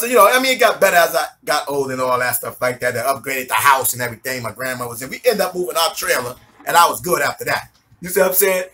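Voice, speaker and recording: A minister from New York City in his 40s gives an animated testimony in a high, bright voice, full of street slang and swearing. He laughs often while telling the story and keeps asking whether you follow.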